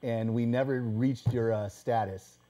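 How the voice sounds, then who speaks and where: Mellow, measured middle-aged radio host. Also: male voice, medium pitch, steady tone. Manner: measured, formal address. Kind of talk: casual radio talk.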